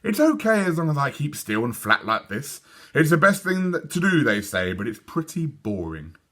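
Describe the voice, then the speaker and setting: A man's voice: normal speed, heavily acted. A man doing a grumpy dad with a sore back. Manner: low, flat and grumbling. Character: grumpy father lying flat with a sore back.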